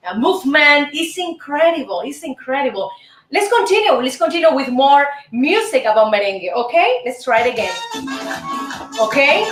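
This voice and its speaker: A woman leads a dance lesson at a slow, unhurried pace, counting each step aloud and cheering the viewer on. Her voice sits a little high. It is picked up from across a roomy space, with music playing behind her. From Cuba. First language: Spanish. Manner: counts steps aloud, encouraging, repeats herself, bursts of shouting. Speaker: host and dance teacher. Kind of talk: demonstrating dance steps. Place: indoor room. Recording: roomy distant recording with music.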